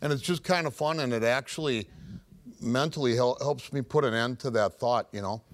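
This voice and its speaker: A man, a father, sharing in a church group in an easygoing, slightly halting way. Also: mid-range voice, no room sound. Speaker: group member.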